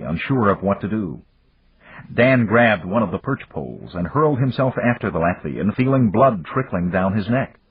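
Husky man narrating a thriller. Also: lowish voice, dry recording. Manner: expressive storytelling. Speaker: audiobook narrator. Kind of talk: scripted narration. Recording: dull lo-fi dry recording.

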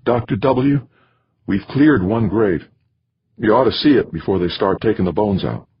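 A man's voice: on the low side, expressive, moderate pace, breathy edge, muffled recording, voice pushed up. A man doing an eager young dig worker. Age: young adult.

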